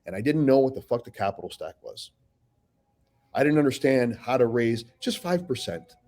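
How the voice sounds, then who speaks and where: A man talking as a podcast guest in casual, blunt, profane storytelling, animated and full of restarts. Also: medium pitch, normal speed.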